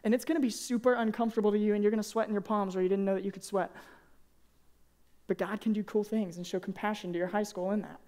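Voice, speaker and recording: A young man preaching a casual, earnest sermon to high school students, peppering his talk with "man" and "like". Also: fairly even intonation, fast talker, darkish tone. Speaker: youth pastor. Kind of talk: youth sermon.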